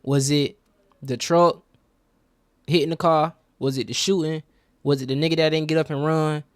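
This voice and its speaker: A man's voice: fairly high pitch, moderate pace, dry recording, studio quality. Slangy young man reacting on camera. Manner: slangy, excitable. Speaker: reaction video host. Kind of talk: casual reaction commentary.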